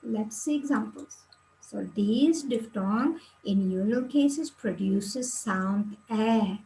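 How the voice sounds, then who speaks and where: A woman teaching Latin pronunciation, reading word lists slowly and explaining each letter's sound for medical students. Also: on the high side, lively intonation, warm tone, rough recording. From Kyrgyzstan. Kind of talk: slow reading practice lesson.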